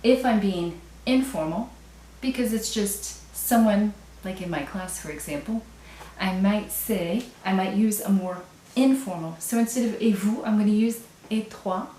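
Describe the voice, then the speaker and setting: A woman teaching a language lesson, explaining step by step and repeating example phrases slowly. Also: medium pitch, dark tone, recorded from a distance. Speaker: French teacher. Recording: echoey room, voice away from mic.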